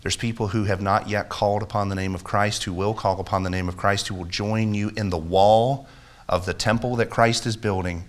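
A pastor delivers an earnest, emphatic sermon full of repeated phrases, then prays with growing intensity at the close. His pitch is fairly low and his intonation fairly even, and he talks a little fast with few pauses.

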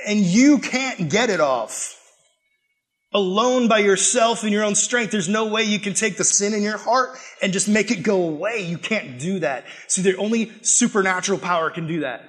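Speaking to students in a relaxed, playful sermon, this young youth pastor animates his stories by acting out little quoted voices and cracking jokes. He has a bright, forceful voice that sits on the high side for a man.

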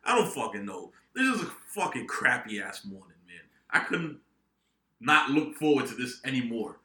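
A young man co-hosting a podcast, telling a profane, animated story among friends. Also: mid-range voice, moderate pace. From New England, United States. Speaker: podcast co-host. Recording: echoey room.

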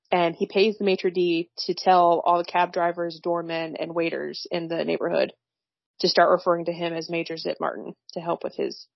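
A woman with a fairly low voice chats her way through a film plot, wry and slangy, with frequent laughter. The recording is dry and a little dull, with no room sound. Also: gravelly, no echo. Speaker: podcast co-host recapping a film. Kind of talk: casual chat.

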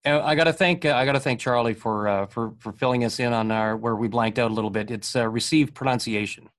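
A man from North America hosting an interview podcast, eager and chatty, often restarting his sentences. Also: medium pitch. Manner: quick, eager, many restarts. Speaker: podcast host. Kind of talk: casual interview talk.

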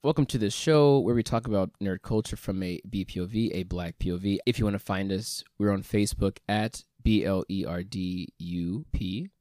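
A young man hosting a casual podcast, upbeat at the intro and relaxed and joking in the chat. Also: deep voice, moderate pace, hardly any pauses, no room sound, studio quality. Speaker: podcast host.

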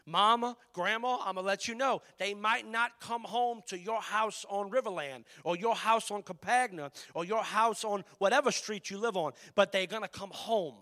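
A man preaching a sermon as pastor, passionate, swinging between loud emphatic lines and hushed ones. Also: high voice, moderate pace, hardly any pauses.

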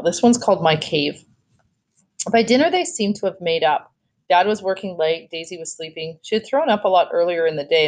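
A woman teacher reads a novel aloud to her young class in a calm, plain way. Her voice sits a little low, and she stops now and then for short asides.

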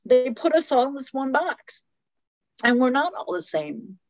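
Woman musing casually, dull lo-fi sound, kinda high. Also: a little slow, creaky, no room sound. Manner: reflective, conversational, many fillers. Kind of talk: casual conversation about relationships.

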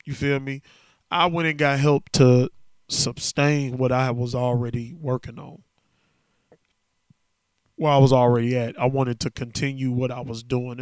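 A man alone at a podcast mic, speaking in a loose, candid, slang-heavy way and sounding worn down. His voice comes across smooth and clean. The sound is close and dry, with no room around it. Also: mid-range voice, darkish tone, no echo. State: emotional, worn down. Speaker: podcast host. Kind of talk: casual solo podcast monologue.

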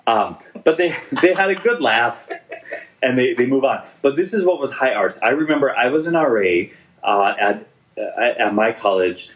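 A man's voice: mid-range voice, animated, moderate pace, fairly bright tone, a little hiss or hum, rough recording. A man in his forties co-hosting a podcast, chatting casually and joking as he rambles through a TV episode with lots of restarts. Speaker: podcast co-host. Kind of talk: casual chat reviewing a TV episode.

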